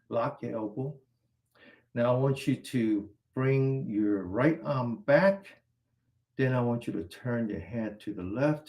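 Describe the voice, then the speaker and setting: A man guiding a qigong exercise class, calmly cueing each stretch and breath step by step. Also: mid-range voice. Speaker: qigong instructor. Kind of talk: guided exercise class instruction.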